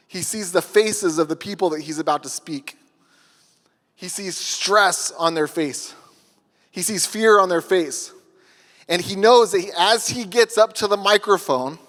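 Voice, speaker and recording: A man giving a conference workshop talk, telling stories in an earnest way with pauses. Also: sits high, fairly bright tone, in a large hall. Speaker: workshop speaker.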